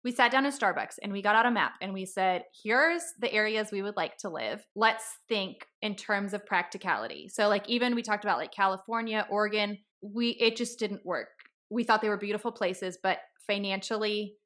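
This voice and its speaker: A woman's voice: medium pitch, brisk, hardly any pauses, fairly bright tone. A woman in her thirties hosting a podcast, telling a story in a casual, chatty way and acting out what people said. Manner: chatty storytelling, acts out quoted dialogue. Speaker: podcast host.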